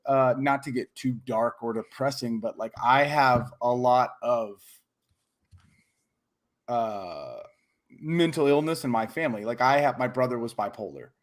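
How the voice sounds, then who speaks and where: A man co-hosting a podcast in casual chat, excitable and rambling, with many restarts and fillers. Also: mid-range voice, a little slow. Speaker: podcast co-host.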